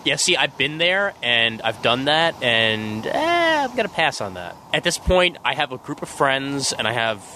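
A man's voice: medium pitch, big pitch swings, normal speed, few pauses, bright, forceful tone, a little hiss or hum. A man hosting a podcast, chatting casually, joking and steering the conversation. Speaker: podcast host. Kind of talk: casual chat.

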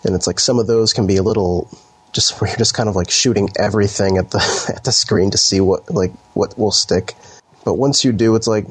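A man co-hosting a podcast in casual chat, rambling with lots of fillers and quick laughs. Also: lowish voice, slightly rough. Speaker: podcast co-host.

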